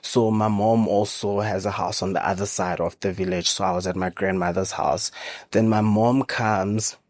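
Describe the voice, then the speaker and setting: A man speaks in a deep, even monotone, telling his story slowly and haltingly with many pauses. The sound is dry and close, with no room around it. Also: dry recording. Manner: halting, measured storytelling with frequent pauses and fillers. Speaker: podcast guest. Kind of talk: personal testimony in an interview.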